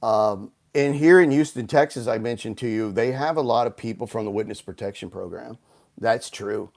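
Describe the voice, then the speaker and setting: A man's voice: medium pitch, moderate pace, vocal fry. Chatty man telling stories. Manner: animated anecdotes, frequent "like" and "you know". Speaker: podcast guest. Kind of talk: casual storytelling.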